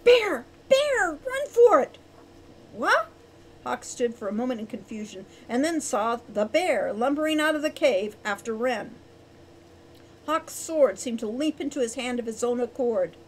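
A woman narrating a storybook chapter, acting out each character's lines with lively changes of voice. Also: on the high side, normal speed, slight background noise, low-quality recording. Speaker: audiobook reader.

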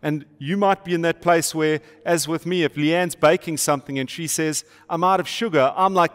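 Emphatic pastor, long hall reverb. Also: male voice, a little high, steady tone, normal speed, few pauses, fairly bright tone. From South Africa. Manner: emphatic, repeats phrases and rhetorical questions, playful asides. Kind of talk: sermon to an online audience.

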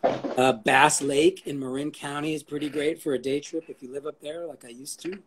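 A man's voice: a little high, steady tone, normal speed, background noise. A man chatting as an interview guest, rambling, swearing casually and cracking jokes. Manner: rambling, profane and jokey.

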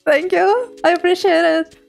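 A woman's voice: very high voice, normal speed, vocal fry. A young woman, a native Russian speaker, chatting casually on a live stream, giggly and talkative, often laughing as she reads chat.

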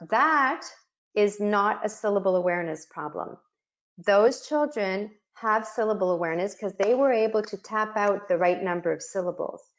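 A woman's voice: medium pitch, muffled recording. A middle-aged woman giving an instructional webinar, explaining and sounding out speech sounds for educators. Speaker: webinar facilitator.

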